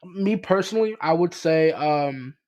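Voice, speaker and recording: A man's voice: on the high side, lively intonation, measured pace, highs cut off, background noise. A young man co-hosting a podcast in casual chat, rambling with lots of fillers, restarts and casual swearing. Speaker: podcast co-host.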